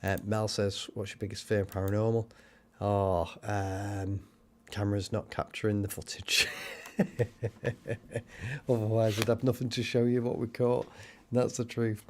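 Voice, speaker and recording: A man's voice: on the low side, a little slow, slight background noise. Chatty man hosting a livestream. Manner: rambling, chatty, animated. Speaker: paranormal livestream host. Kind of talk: casual live-stream chat and card reading.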